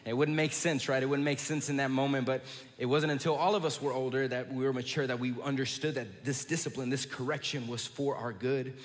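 A man's voice: medium pitch, steady tone, fairly quick. A man with a Southern American accent preaching a sermon as pastor, often repeating words as he restarts his sentences. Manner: repeats words and restarts, warm church greetings. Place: large church sanctuary. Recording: long hall reverb.

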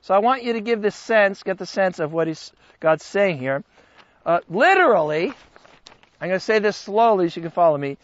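A man teaching a Bible study as a sermon, slow and emphatic, with big swings in pitch and loudness. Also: animated, no echo, dull audio.

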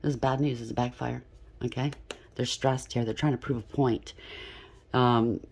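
A woman with a low, husky voice gives a casual tarot reading from a room at home. She talks in an emphatic stream of thought, often pausing to ask "okay?". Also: steady tone, a little mellow. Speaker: tarot reader. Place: home room with incense burner.

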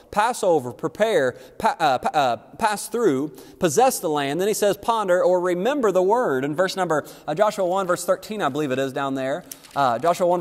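High-voiced preaching man in a reverberant hall. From United States. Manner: emphatic preaching that rises and falls, with folksy asides. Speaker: pastor. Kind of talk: sermon. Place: church sanctuary.

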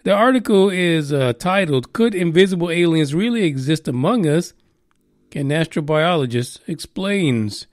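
Male podcast host, irreverent and profane, loose rambling delivery, slightly high pitch. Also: lively intonation, normal speed, no echo, clean studio sound. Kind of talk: casual news chat.

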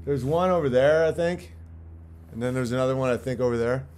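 This livestreamer talks fairly quickly in a mid-range, slightly mellow voice. Broadcasting casually from his farm at night, he wanders between topics, cusses, cracks pretend-scared jokes, and laughs frequently.

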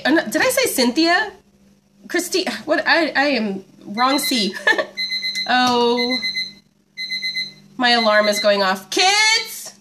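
Woman host of a live homeschool stream, high and lively voice, chatty and giggly, phone mic at home. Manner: chatty and bubbly, laughs often, reads out viewer comments. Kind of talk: casual live-stream chat. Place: at home, indoors.

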